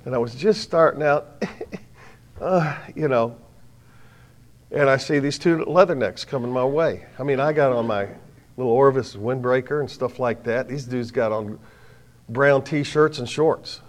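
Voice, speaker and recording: Middle-aged male preacher, mid-pitched voice, lively storyteller before a crowd, jokes at his own expense, drops to soft asides then punches lines out loud. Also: measured pace. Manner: lively storytelling, swings from soft asides to loud bursts, self-mocking humor. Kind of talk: sermon. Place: before a live audience.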